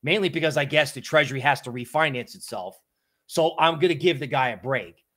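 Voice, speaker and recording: A man hosting a casual livestream on markets, talking in an animated, joking storytelling way. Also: medium pitch, brisk. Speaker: crypto market livestream host.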